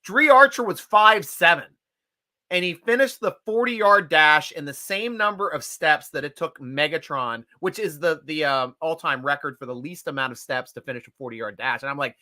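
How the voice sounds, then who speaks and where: A middle-aged man hosts a casual live-stream chat, animated and laughing easily. His voice is bright and fairly high. The sound is dry and close. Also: no room sound. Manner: animated and chatty, quick to laugh. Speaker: host.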